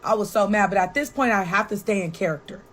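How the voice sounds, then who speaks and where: A young woman guest on a talk show tells a personal story in a casual way, blunt, animated and full of swearing. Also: mid-range voice, quick pace, slight background noise, poor audio. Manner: blunt, profane and animated, with frequent "like" and "right?".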